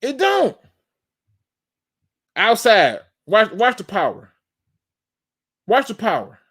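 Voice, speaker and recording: A man's voice: sits high, wildly swooping pitch, slow, a bit bright. A man hosting a live sports talk show, emphatic and fired-up, breaking down game film and talking straight to his audience. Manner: addresses the audience as "y'all". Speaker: host.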